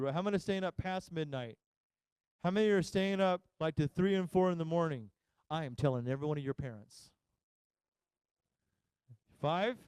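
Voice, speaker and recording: Heard on a dry recording, a male pastor with a smooth, high-pitched voice gives a jokey sermon on a church service live stream. He spins stories and performs the voices of the people in them.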